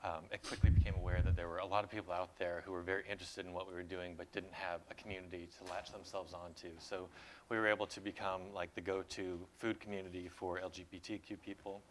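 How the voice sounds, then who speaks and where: A man's voice: deep voice, little pitch movement, fast talker, slight background noise. A man introducing his magazine as a panelist at a conference, explaining things eagerly.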